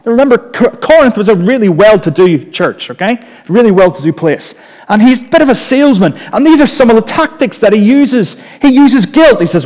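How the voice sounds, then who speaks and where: A man preaching a sermon in a lively, joking, conversational way. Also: high voice, brisk. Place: church. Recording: long reverb of a large hall.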